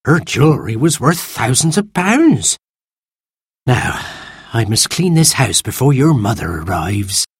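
A man's voice: medium pitch, sing-song, a little slow, breathy edge, dry recording, studio quality, pitched above the performer's own voice, exaggerated voice. A man doing a busy housekeeper. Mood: matter-of-fact.

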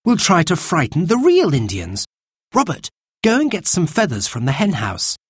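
A man's voice: on the high side, wildly swooping pitch, moderate pace, breathy edge, dry recording, clean studio sound, voice pushed up, heavily acted. A man voicing a brave, bossy eldest sister in a storybook reading. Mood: eager.

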